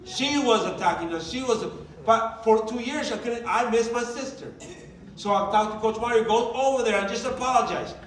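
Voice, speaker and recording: A motivational speaker with a very high voice tells stories to a group in a large meeting room, animatedly acting out the quoted dialogue at a normal pace. The recording picks up a slight hiss or hum, with echoey hall sound from a distant mic.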